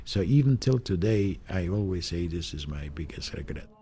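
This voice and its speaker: An older man, a Holocaust survivor, recounting memories in a halting, emotional way with many restarts. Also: sits low, lively intonation, warm tone, slightly rough. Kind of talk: documentary interview, recounting memories.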